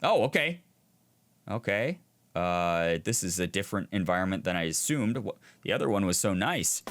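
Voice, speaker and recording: Young guy doing let's play commentary, animated, thinks out loud a lot. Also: deep voice, normal speed. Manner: animated, thinking aloud, reflective. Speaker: gaming video host.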